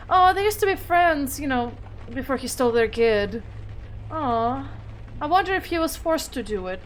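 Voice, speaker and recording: A woman's voice: high-pitched, animated, moderate pace, a little hiss or hum. A woman playing a game and commenting casually, giggly and self-deprecating. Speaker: let's play streamer.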